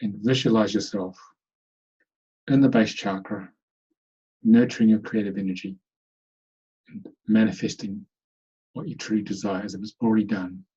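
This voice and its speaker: A man leading a guided meditation in an online webinar, giving slow, soothing instructions. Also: lowish voice, steady tone, warm tone, slightly rough, lo-fi sound. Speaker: meditation teacher.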